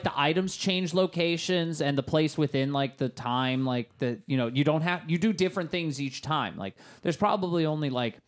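A man co-hosting a podcast in casual chat, talking in long rambling runs with lots of fillers. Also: a little high. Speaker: podcast co-host.

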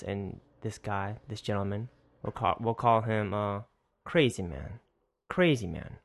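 A male podcast host telling a casual, rambling story in an animated way, swearing freely and often restarting his sentences. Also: on the low side, normal speed.

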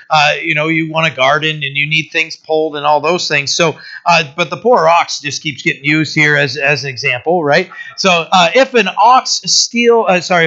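A man gives an informal Bible teaching, talking it through plainly and often tossing in "right?". His voice sits a little high and sounds bright and forceful. The recording is dull and lo-fi. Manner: conversational, often asking "right?". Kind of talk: casual verse-by-verse Bible teaching.

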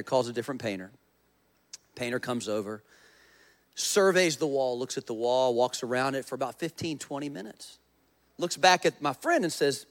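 A man's voice: medium pitch, expressive, a little slow. A male pastor preaching a conversational sermon, joking with the congregation and acting out voices in his stories. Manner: conversational preaching with jokes and audience prompts; acts out quoted voices in stories.

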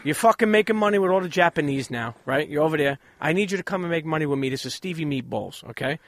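A loud, pushy Italian-American mobster boss, as a man puts him on in a podcast bit. He rattles through a swearing sales pitch at a fast clip, voice pushed high and hard. The sound is dry and close. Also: expressive, dry recording.

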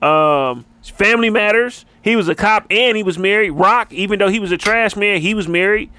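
A man co-hosting a casual podcast chat, talking fast and loose with lots of slang and swearing. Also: sits high, bright, forceful tone, a little hiss or hum. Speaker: podcast co-host.

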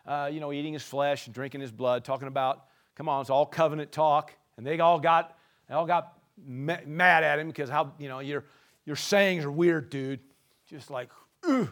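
A man preaching a sermon in an animated, playful way, swinging from soft asides to shouting. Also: a little high, normal speed. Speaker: pastor.

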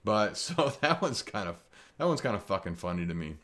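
A man's voice: fairly low pitch, big pitch swings, fairly quick, a bit bright. A man, a tattoo artist, talking through his own faults in a candid, rambling monologue, self-critical and swearing casually.

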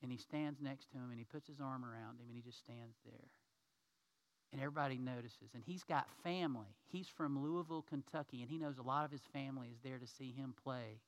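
A man preaching a sermon to his congregation, telling a story in a lively way and acting out the people in it. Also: medium pitch, brisk. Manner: storytelling, acts out quoted people; addresses congregation as y'all. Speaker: pastor.

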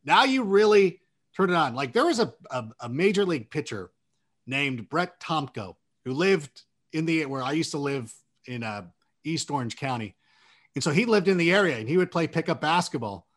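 A man telling stories in casual sports talk, animated and quick to act out quoted voices. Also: on the high side. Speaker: sports show guest.

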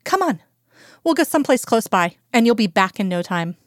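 A woman voicing a chatty, insistent Southern woman, higher and brighter than her narration, in an audiobook reading. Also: very animated, normal speed, no room sound, clean studio sound. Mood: cheery, coaxing. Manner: bubbly, insistent, higher-pitched.

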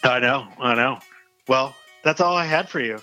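A man calls in to a show and chats casually with the host, playful and teasing. His voice sits in a middle pitch. Faint guitar strumming plays softly behind him. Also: normal speed. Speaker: caller. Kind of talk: casual phone chat.

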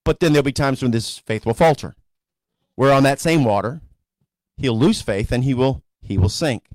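A male pastor preaching a sermon in a conversational storytelling way, sometimes rising to animated emphasis. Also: mid-range voice, normal speed, no room sound. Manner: conversational storytelling preacher, voices characters casually.

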